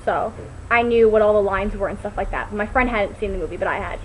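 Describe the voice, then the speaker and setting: A woman's voice: mid-range voice, quick pace, a little hiss or hum, poor audio. A woman vlogging in a rambling, casual way on a computer mic. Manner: rambling, full of "like" and restarts. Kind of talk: casual chat to camera.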